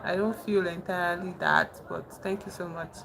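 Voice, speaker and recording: A young woman chatting casually with her live-stream chat, soft-spoken and calling herself very emotional. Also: fairly low pitch, steady tone, moderate pace, vocal fry. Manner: soft-spoken, thanks chat warmly, says she is very emotional. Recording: noticeable background noise.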